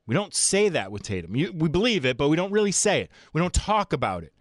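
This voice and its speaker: A man's voice: a little high, fast, no room sound, clean studio sound. A man hosting sports talk radio, blunt and opinionated, ranting in bursts. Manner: opinionated, blunt, animated rants.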